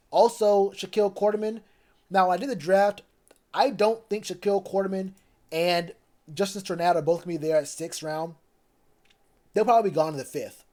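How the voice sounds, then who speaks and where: A man's voice: high-pitched, mellow. A man chatting loosely on a live stream about football, rambling with plenty of fillers. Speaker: sports streamer. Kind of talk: casual live stream chat.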